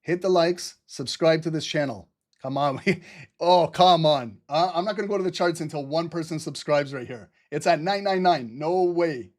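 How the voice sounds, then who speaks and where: Excitable man hosting a live trading stream. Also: a little high. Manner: excited, fast-talking, laughs often, swears casually. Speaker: livestream trading host.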